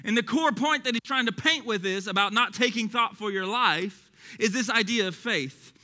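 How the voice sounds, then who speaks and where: A Texan man preaching with a high, very bright and forceful voice. He talks to the congregation in a casual, passionate way, pushing his points harder as he goes. The sound rings with a long hall reverb. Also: normal speed. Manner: passionate, conversational preaching with rising emphasis. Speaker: pastor. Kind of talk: sermon.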